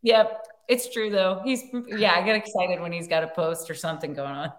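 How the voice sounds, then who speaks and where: Animated, giggly woman telling a story. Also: lowish voice, moderate pace. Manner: animated, giggly, lots of "like" fillers. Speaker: podcast guest, actor. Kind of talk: casual storytelling chat.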